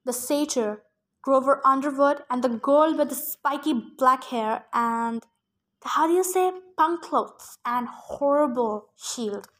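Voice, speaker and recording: A woman's voice: high-pitched, takes it slowly, a bit bright. Doctor Thorn, a sly cruel villain, read by a woman. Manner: sly and cruel, pretends he can't find words. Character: scheming male monster in disguise, cruel headmaster.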